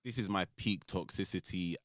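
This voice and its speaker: Deep-voiced young man, laid-back. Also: moderate pace, no room sound, studio quality. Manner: laid-back, with thoughtful questions and steady backchannels. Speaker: podcast co-host. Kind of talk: casual chat.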